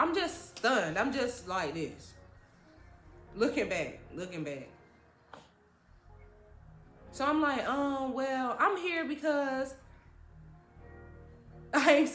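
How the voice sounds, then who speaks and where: A woman's voice: fairly high pitch, big pitch swings, takes it slowly, long pauses, bright, forceful tone. A young woman telling a dramatic, slangy story from her childhood in a vlog. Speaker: vlogger. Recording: echoey room with faint music.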